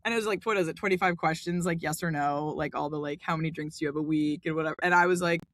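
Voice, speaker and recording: A woman, a podcast guest telling her story in a lively, casual way and acting out quotes with big jumps in pitch. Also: racing, dry recording.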